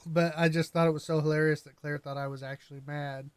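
Lively higher-voiced young man storytelling. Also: fast, clean tone, no room sound. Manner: animated storyteller, laughs often. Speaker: podcast co-host. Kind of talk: casual podcast chat.

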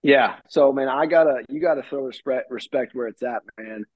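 A young professional baseball pitcher, appearing as a guest over a video call from his home studio, tells casual interview stories in a mid-range voice at normal speed. He's an animated storyteller who acts out the lines of the people involved and uses lots of fillers, and the audio is dull.

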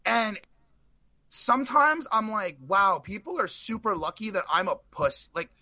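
Casting: high-voiced man, bright tone, dry close sound, rambling storyteller. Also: measured pace, no room sound. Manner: animated, rambling anecdote with repeated fillers. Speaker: guest. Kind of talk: casual storytelling on a live stream.

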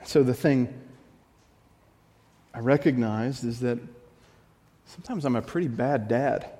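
A man's voice: medium pitch, unhurried, dark tone. Earnest male pastor preaching in a reverberant hall. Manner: earnest, confessional preaching with repeated phrases. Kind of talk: sermon.

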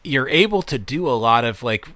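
A man's voice: mid-range voice, expressive, normal speed, bright, forceful tone, no echo. A man co-hosting a casual chat about comics, rambling with lots of fillers and restarts. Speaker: podcast co-host.

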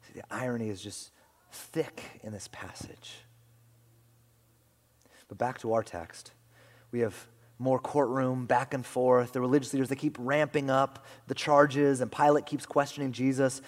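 A man preaching a sermon in a church sanctuary, with a mid-range voice. He swings between loud emphatic lines and hushed whispers. The sound carries a long hall reverb. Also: medium pitch, steady tone, moderate pace. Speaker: pastor.

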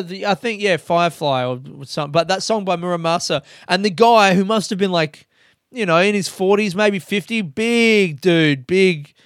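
A man's voice: sits high, clear, resonant tone, dry recording, studio quality. A young Australian man telling a rambling, self-mocking comic story with casual swearing.

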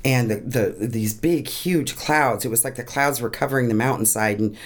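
A woman's voice: extremely low pitch, moderate pace. A woman telling an emotional personal story in an interview, earnest and often laughing, tearing up as she talks. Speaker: guest.

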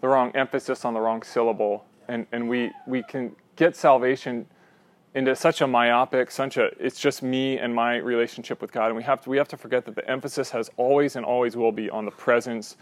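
A young man leading a teaching discussion, animated and often checking in with a quick "right?", sometimes restarting mid-sentence. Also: medium pitch, no room sound. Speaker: class leader.

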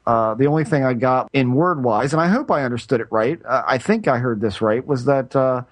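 A man's voice: medium pitch, fairly quick, no room sound. A middle-aged man, a podcast co-host, chatting casually and telling a story in a rambling way, often stopping to restart his sentences. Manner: rambling, self-interrupting storyteller with frequent restarts. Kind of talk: casual chat.

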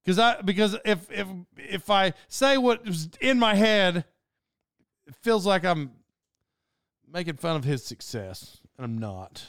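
High-voiced man rambling on his podcast. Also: animated, fairly bright tone, clear, resonant tone, dry recording, clean studio sound. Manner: rambling, self-mocking, quick to laugh. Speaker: podcast host. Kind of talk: casual storytelling monologue.

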